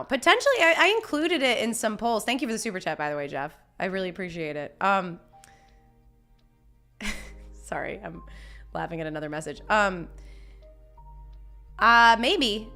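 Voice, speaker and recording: A woman's voice: mid-range voice, sharp tone. A young woman chatting casually on a live stream, reading chat messages, laughing often and talking with lots of restarts. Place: home.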